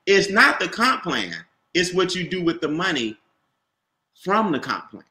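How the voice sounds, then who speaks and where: A man giving an animated, repetitive motivational sales talk about a home business, calling on listeners by name. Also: sits high, measured pace, reverberant. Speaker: business opportunity presenter.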